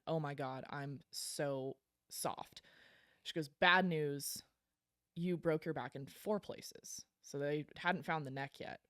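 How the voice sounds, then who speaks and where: A woman's voice: low-pitched, no echo, clean studio sound. A woman guest on a podcast, telling her story in a blunt, frank way, swearing casually and laughing between lines. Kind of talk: candid storytelling interview.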